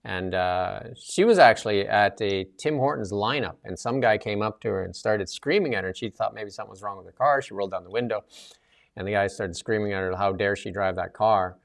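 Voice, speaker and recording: A man's voice: lowish voice, a little fast, vocal fry. A man co-hosting a talk show, chatting casually in a rambling way with many fillers. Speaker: co-host.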